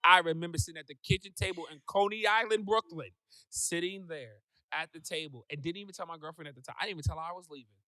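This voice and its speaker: A man, a guest on a talk show, telling a personal story in a lively way and acting out what people said. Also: on the high side, fast talker, no echo. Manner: animated, acts out quoted voices. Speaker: podcast guest.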